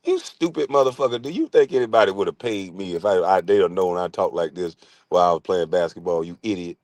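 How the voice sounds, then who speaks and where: A middle-aged man streaming a profane comic rant, crude, loud and laughing often. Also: low-pitched, quick pace, dry recording.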